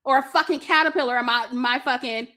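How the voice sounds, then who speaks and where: A woman's voice: high-pitched, fast talker, pushed and bright. A young woman telling a story to her viewers in casual, profane chat, laughing often and acting out her family's lines. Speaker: vlogger.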